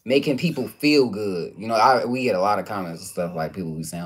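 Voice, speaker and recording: A man's voice: sits low, brisk, few pauses, slightly rough. Laid-back young man, slangy talk. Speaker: vlogger. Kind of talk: casual chat.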